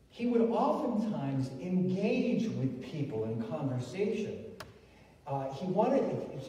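A man's voice: a little high, warm tone, slight background noise. A man giving a sermon as a pastor, telling stories with many restarts and acting out the quoted voices. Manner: storytelling, acts out quoted voices, frequent restarts. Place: church sanctuary. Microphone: recorded from the pews. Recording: distant echoey hall recording from the pews.

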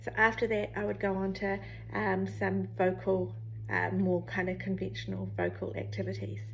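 A woman, a music teacher demonstrating a vocal warm-up in a friendly, playful manner. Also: moderate pace, creaky, slight background noise. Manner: friendly, explains then sings phrases in a high, playful call-and-response voice.

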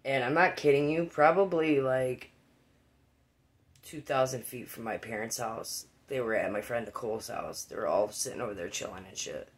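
A man casually telling a rambling, profane personal story, quoting friends with animated voices. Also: medium pitch, moderate pace.

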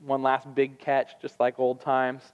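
A man preaching a sermon as pastor, telling the story with animated energy and acting out the voices. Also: medium pitch, a little slow, clean tone, long reverb tail, highs cut off. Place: church sanctuary.

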